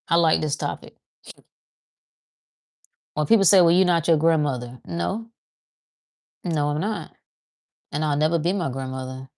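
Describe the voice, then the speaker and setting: A woman's voice: deep voice, vocal fry, a little mellow. A woman hosting a casual spiritual talk, thinking aloud and repeating herself as she goes. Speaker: host of a spiritual talk show.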